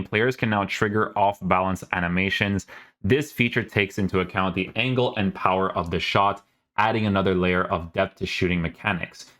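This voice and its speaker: A gaming YouTuber with a low, fairly bright voice reads game update notes aloud, reacting casually with sarcastic asides and plenty of filler words.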